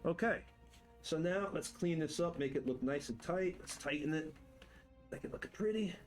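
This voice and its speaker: A man's voice: on the high side, moderate pace, soft background music. A man streaming live, chatting playfully to himself and to viewers as he builds game terrain, boasting in fun. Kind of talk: casual live-stream chat while building. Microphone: desk mic with headphones.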